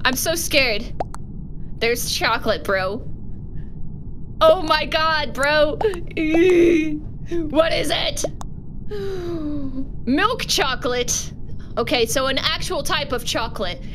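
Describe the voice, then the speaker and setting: A woman streaming a game live, chatting with viewers in an animated, jokey way with sudden yelps. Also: high-pitched, slow pace, pauses often. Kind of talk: live gaming stream chat. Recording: noisy background.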